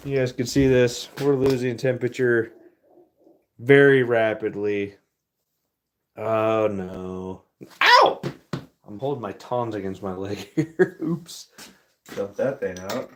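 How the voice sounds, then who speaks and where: A man hosting a casual livestream, chatting to viewers in an easygoing way while he works at his furnace and reads comments. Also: medium pitch. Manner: slow, easygoing, talks to chat while working. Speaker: livestream host.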